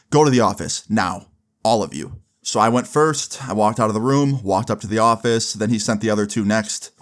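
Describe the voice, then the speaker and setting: A young man with a fairly low voice recounts a story in a casual, conversational way. His delivery is loose and unhurried, peppered with fillers and the odd curse word. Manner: relaxed, swears casually, fillers like "like" and "you know". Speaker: storyteller vlogger.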